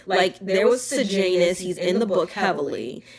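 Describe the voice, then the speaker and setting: A young woman hosting a podcast, talking casually in an emphatic, animated rant. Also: fairly low pitch, normal speed. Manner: animated, emphatic ranting with frequent "okay?" asides. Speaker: podcast host. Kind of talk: casual chat.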